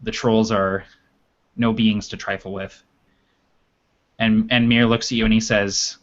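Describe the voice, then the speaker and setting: A man narrating as dungeon master in a tabletop game, telling the story at a steady pace. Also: fairly low pitch, measured pace, long pauses. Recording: dull lo-fi recording.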